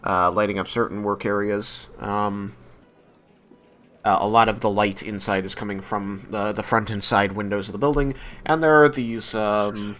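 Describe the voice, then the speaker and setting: A man narrating as game master of a tabletop game, relaxed and quick to laugh. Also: lowish voice.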